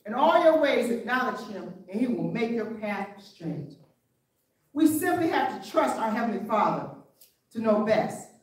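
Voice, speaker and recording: Animated woman preaching in an echoey hall. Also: fairly high pitch, moderate pace, far from the mic. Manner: conversational preaching with rhetorical questions. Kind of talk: sermon. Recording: very echoey room, voice from afar.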